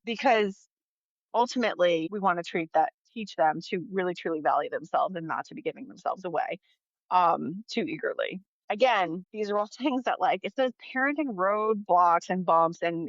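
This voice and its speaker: A woman's voice: on the low side, fairly bright tone, no room sound, highs cut off. Chatty mother musing on parenting. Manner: earnest, chatty, many "like" fillers. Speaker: podcast host. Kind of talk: casual monologue.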